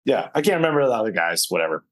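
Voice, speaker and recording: A man's voice: fairly low pitch, big pitch swings, racing, a bit bright, dry recording. A man co-hosting a book podcast, chatting casually in a rambling, wry way with lots of fillers. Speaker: podcast co-host.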